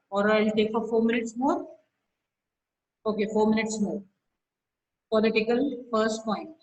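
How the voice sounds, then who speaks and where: Slow-dictating woman teacher on a video call. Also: medium pitch, low-quality recording. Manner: dictates slowly, repeating phrases and punctuation; scolds students sharply by name. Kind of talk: online class dictation.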